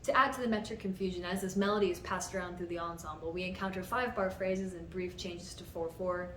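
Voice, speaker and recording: A woman's voice: fairly low pitch, fairly even intonation, a little fast, a bit bright. A young woman composer explaining the theory behind her own piece in a patient, methodical way, sometimes counting beats aloud. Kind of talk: explanatory music-theory talk. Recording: roomy sound from a distant mic, music underneath.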